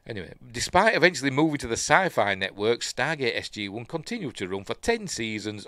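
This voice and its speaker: A man's voice: lowish voice, fairly bright tone, no room sound. A man with a Yorkshire accent hosting a live news stream, reading headlines aloud and then chatting about them casually with plenty of fillers. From Yorkshire, England.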